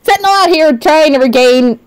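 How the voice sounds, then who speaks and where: A woman streamer chatting live over a game, excitable and shrieking, her voice often cracking. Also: high voice, moderate pace, no room sound. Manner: excitable, shrieking, swearing at chat. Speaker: virtual streamer. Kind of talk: live gaming stream chat.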